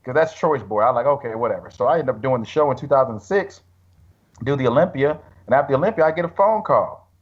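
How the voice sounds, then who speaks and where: A middle-aged man, a retired bodybuilder, telling stories in an animated, slangy way and acting out quotes over a video call. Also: medium pitch, fast talker, husky. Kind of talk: casual storytelling chat. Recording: dull lo-fi call audio.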